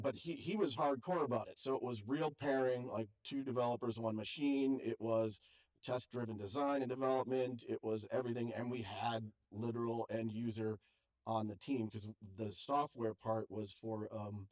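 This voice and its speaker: A man's voice: lowish voice, darkish tone. An older man interviewing a guest in a chatty, self-deprecating way, often trailing off. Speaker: interview host. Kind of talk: casual conversation.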